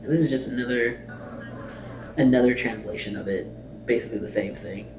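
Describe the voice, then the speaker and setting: A man speaking fairly quickly in a mid-range voice, with music in the background, hosts a reaction video. He reads subtitles aloud and comments bluntly, swearing and sounding exasperated, in an echoey room with a distant mic and faint noise.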